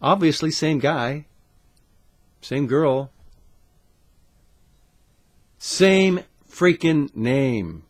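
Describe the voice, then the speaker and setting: A man hosting his own channel, ranting to camera with constant swearing, jumping between loud outbursts and muttered asides. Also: fairly high pitch, animated, extremely slow, long pauses. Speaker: channel host. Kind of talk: profane conspiracy rant to camera.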